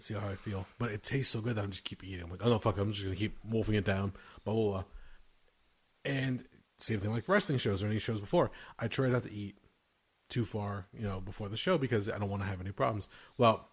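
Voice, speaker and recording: In a casual storytelling chat, a podcast host in his thirties talks in a husky, mid-range voice. He swears freely and laughs his way through the stories.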